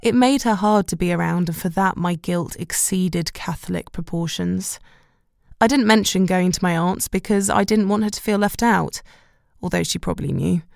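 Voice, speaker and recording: A woman narrating a romantic comedy audiobook in the first person, wry and measured. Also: lowish voice, creaky, a little mellow, no room sound, clean studio sound.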